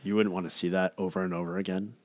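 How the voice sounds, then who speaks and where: A laid-back man chats as a podcast co-host, slightly drowsy and quick to laugh. His voice is fairly low. The recording is dry and close. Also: little pitch movement, darkish tone, dry recording. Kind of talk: casual chat.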